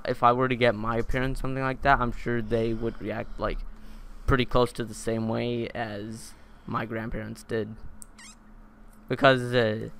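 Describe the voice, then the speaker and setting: Teenage male podcast host, casual rambling storyteller, smooth clear tone. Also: mid-range voice, fairly bright tone. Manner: rambling, many fillers and restarts.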